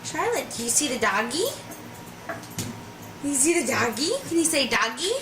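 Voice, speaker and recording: A woman coaxing a baby at home in slow, high, sing-song baby talk. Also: animated. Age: adult. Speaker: parent talking to a baby. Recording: echoey room with background noise.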